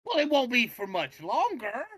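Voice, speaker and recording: A woman's voice: on the high side, big pitch swings, normal speed, breathy edge, dry recording, poor audio. A woman playing a tabletop game, chatting with the group in a teasing, sassy way. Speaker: player.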